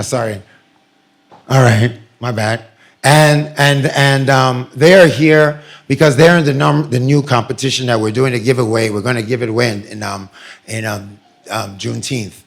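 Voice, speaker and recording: Animated joking man addressing a meeting. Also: medium pitch. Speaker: community organization presenter. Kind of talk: public meeting presentation. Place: meeting room with audience.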